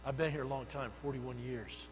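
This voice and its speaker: An older man, a senior pastor, preaching a sermon, telling stories and swinging between soft asides and loud emphatic bursts. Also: medium pitch, steady tone, normal speed, big-room sound, slight background noise, rough recording. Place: church sanctuary.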